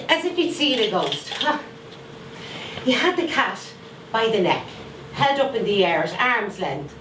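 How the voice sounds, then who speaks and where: Actress as a defiant granny, widow guarding her cats, slow and swooping, heard from afar in an echoey room. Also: on the high side. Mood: recounting. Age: older. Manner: dramatic storytelling with slow emphatic repetition. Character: fierce widowed grandmother guarding the garden cats. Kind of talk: theatre monologue. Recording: echoey room, far from mic, faint noise.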